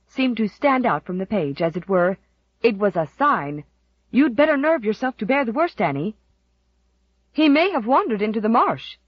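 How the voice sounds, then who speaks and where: A woman's voice: high voice, dry recording, highs cut off, pitched above the performer's own voice. A woman voicing a querulous elderly spinster aunt in an audiobook, complaining and dwelling on dire omens. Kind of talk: audiobook character voice.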